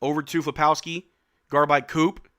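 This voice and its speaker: A young man hosting a live stream watch-along, giving excited fan play-by-play commentary and trash-talking players. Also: a little high, normal speed. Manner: excitable, shouts and laughs at big plays, trash-talks players.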